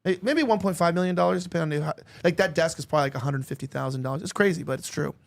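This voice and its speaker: A young man hosting a casual podcast in a fairly high voice. He rambles loosely and stacks up "like" between every thought. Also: rapid-fire, creaky. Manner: rambling, heavy use of "like". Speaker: podcast host. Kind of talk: casual chat.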